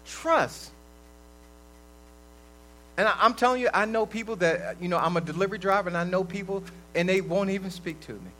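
A man preaching a conversational sermon to a room and an online audience, swinging between loud bursts and soft drops. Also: high-pitched, normal speed, long pauses, poor audio. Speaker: lay preacher. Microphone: livestream recording.

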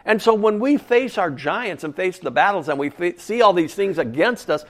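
A man preaching a sermon in a conversational way, asking the congregation questions and repeating key phrases for emphasis. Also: a little high. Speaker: pastor.

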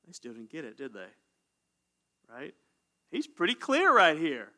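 A man preaching a sermon as pastor, animated and conversational, often asking "right?". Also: a little high, unhurried. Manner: animated, call-and-response, says "right?" often.

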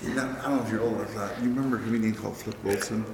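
A man's voice: lowish voice, steady tone, very fast. An older man, a church member, chatting casually and happily retelling a joke. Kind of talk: casual storytelling chat. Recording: off-mic, with long reverb and a crowd behind.

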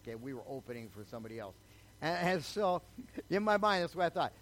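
A man's voice: on the high side, expressive, fast, a little hiss or hum, rough recording. An older man preaching a sermon in a chatty way, telling his own story and often checking in with the listeners. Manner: conversational, storytelling, asks the crowd "okay?". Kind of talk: sermon with personal testimony.

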